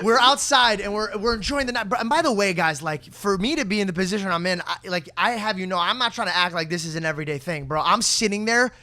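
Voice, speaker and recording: A young man co-hosting a podcast, telling a story in a lively, profane way and acting out the people in it. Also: sits high, fast talker, hardly any pauses. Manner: profane, acts out voices of people in his stories. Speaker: podcast co-host. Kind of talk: animated casual storytelling.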